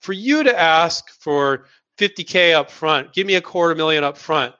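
A man's voice: a little high, lively intonation, moderate pace, sharp tone, highs cut off. A man hosting a live question-and-answer session, giving blunt, emphatic advice and repeating words for stress. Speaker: host answering viewer questions.

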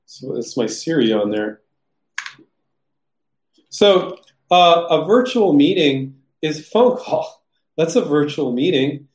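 A man hosting a casual live Q&A on product licensing, talking animatedly and acting out the people he describes in quick voices. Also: fairly high pitch, animated, a little mellow. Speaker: host answering viewer questions. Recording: roomy echo.

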